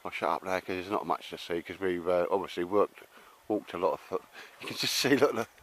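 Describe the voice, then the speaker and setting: An older man vlogs to camera at an outdoor campsite, chatting casually, rambling with fillers, laughing and calling everyone mate. His voice sits low and is fairly quick and a bit bright, with a little hiss or hum.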